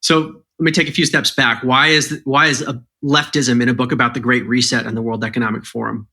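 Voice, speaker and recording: A man appearing as an author guest on a podcast, explaining his points in a measured, step-by-step way. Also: mid-range voice, little pitch movement, pushed and bright.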